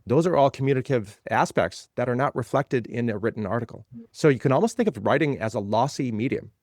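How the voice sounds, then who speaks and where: A man's voice: medium pitch, fast, a little mellow, dry recording, clean studio sound. A man being interviewed as a legal tech guest, explaining ideas in a conversational way and building points by repeating phrases.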